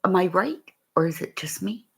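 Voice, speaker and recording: An older woman chatting casually to her viewers, telling animated stories full of exclamations and swearing. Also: fairly low pitch, moderate pace, gravelly, slightly rough. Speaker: vlogger. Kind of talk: casual chat.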